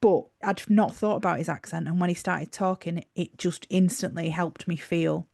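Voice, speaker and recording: A woman's voice: fairly low pitch, steady tone, moderate pace, vocal fry, a little mellow, no room sound, studio quality. A woman in her forties, a podcast co-host, chatting casually with restarts and trailing clauses. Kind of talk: casual chat.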